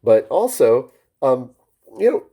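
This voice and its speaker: Animated, mellow-voiced male phone coach. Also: slow. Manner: varies pitch and speed on purpose, with many restarts. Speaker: network marketing phone-skills coach. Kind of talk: casual instructional talk to camera.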